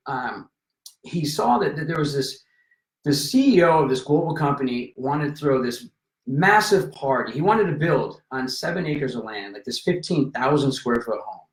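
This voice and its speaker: Animated storytelling man, roomy sound. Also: medium pitch, normal speed. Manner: animated, acts out voices in anecdotes. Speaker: podcast guest. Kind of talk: casual storytelling. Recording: roomy echo.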